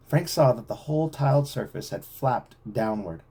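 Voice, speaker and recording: Gravelly-voiced man reading a story aloud. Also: mid-range voice, moderate pace, mellow. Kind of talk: reading a novel aloud to a child.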